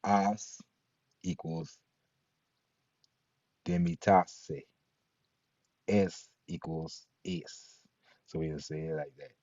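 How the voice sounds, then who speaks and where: A very low, husky man teaches Latin pronunciation at an unhurried, deliberate pace, breaking words into sounds. His voice is dark and mellow, and the recording sounds dull and lo-fi. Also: no room sound. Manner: slow, patient, spells out sounds. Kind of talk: pronunciation lesson.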